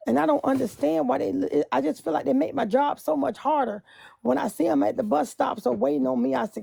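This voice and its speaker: A woman's voice: high-pitched, brisk, creaky, mellow, breathy edge, dry recording, clean studio sound. A woman bus driver venting with passion on a live phone stream, repeating herself and breaking into hymn lines.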